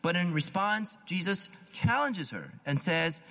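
A man's voice: sits high, lively intonation, unhurried, sharp tone. A man preaching a sermon in a casual, conversational way, often repeating words and asking "right?". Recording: long hall reverb.

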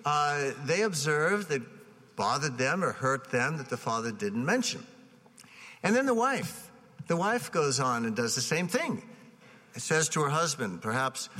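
Bright-voiced preacher in a reverberant hall. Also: male voice, fairly high pitch, lively intonation, a little slow. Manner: conversational storytelling with frequent restarts. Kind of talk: sermon.

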